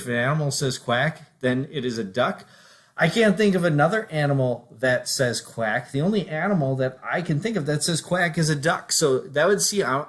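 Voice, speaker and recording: A man with a slightly higher voice talks through a math lesson. He sounds conversational, thinking aloud as he works through examples for his class. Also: fairly bright tone. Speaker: teacher.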